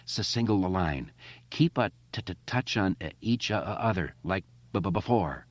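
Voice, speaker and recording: A man's voice: sits low, lively intonation, normal speed, no echo. A man voicing a frightened boy who stutters heavily, reading in a slightly dull, lo-fi recording. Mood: urgent. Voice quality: heavy stutter. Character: stuttering boy, scared but leading.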